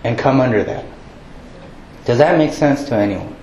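A man preaching a sermon in a relaxed, conversational way, acting out townsfolk with a raised voice. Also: medium pitch, moderate pace, roomy sound, slight background noise, low-quality recording. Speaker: pastor.

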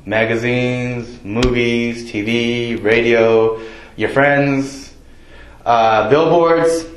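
A man delivers a sermon in a loose, conversational manner, pausing often with ums and uhs. His voice sits at an ordinary middle pitch. The room around him rings with echo. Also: fairly even intonation. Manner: casual, conversational preaching with many fillers. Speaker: preacher. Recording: echoey room.

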